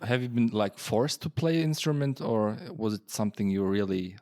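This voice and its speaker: Chatty podcast host, dry close sound. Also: male voice, fairly low pitch, lively intonation, moderate pace, a little mellow, dry recording. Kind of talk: casual interview chat.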